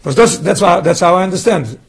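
A man's voice: high voice, lively intonation, brisk, breathy edge. A man teaching a Torah study class, often asking the students questions and restarting his phrases.

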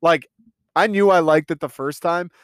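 A man's voice: on the high side, moderate pace, clean tone, no echo, clean studio sound. A young man talking through a casual movie review, enthusiastic and rambling, swearing freely.

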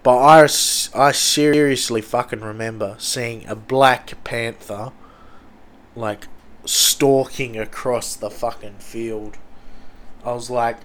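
A young man with an Australian accent hosting a podcast, telling rambling stories full of swearing and loudly acted-out quotes. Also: medium pitch, fairly even intonation, takes it slowly, slight background noise. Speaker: podcast host. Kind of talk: casual storytelling.

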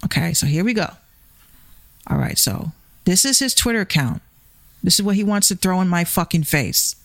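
Hosting her ranting commentary vlog, a woman with a Bronx, New York accent speaks at normal speed in a lowish, expressive voice with no echo. Her energy is heated, profane, and confrontational.

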